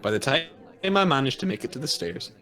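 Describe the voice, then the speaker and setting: A man's voice: a little high, lively intonation, brisk, fairly bright tone, some chatter behind. A man reading a visual novel's narration aloud during a let's play, joking and swearing between passages. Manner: jokey, swears freely, breaks into laughter. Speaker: let's play co-host reading the game text. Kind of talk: reading game narration aloud with casual banter.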